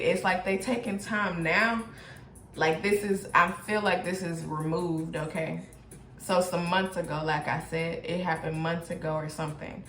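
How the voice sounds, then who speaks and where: Slow-talking woman tarot reader. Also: medium pitch. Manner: animated, swears often, laughs a lot. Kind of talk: casual tarot reading. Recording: echoey room with faint noise.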